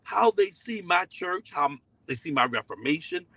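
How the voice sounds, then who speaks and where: A man's voice: fairly high pitch, sing-song, moderate pace, sharp tone, no room sound, poor audio. Earnest middle-aged preacher man, dry sound. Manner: conversational and emphatic, repeating key phrases; slips into voices when quoting people. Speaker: pastor. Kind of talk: sermon-style teaching to a live online audience.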